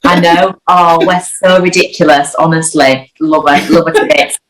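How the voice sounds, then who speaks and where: Woman telling an anecdote, low-voiced. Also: normal speed, rough recording. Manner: lively storyteller, acting out quotes. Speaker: interview guest. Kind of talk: casual anecdotal chat.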